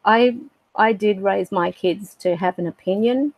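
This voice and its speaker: Woman, middle-aged, slow, halting, reflective, emotional, dry close sound. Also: mid-range voice, no room sound, low-quality recording. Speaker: spiritual livestream host. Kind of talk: personal storytelling on a livestream.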